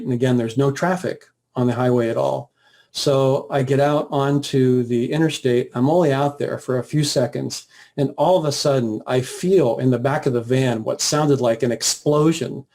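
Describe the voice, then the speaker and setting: A man guest earnestly recounting a personal story in a plain, steady way, with the odd filler. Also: medium pitch. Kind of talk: personal testimony, casual storytelling.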